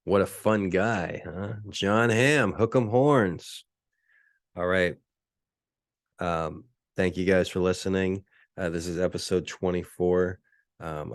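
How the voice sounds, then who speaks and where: A man hosting his own solo podcast, talking casually and deadpan, with lots of ums and uhs. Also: low-pitched, clear, resonant tone, no room sound, studio quality. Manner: relaxed, filler-heavy, deadpan. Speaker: podcast host.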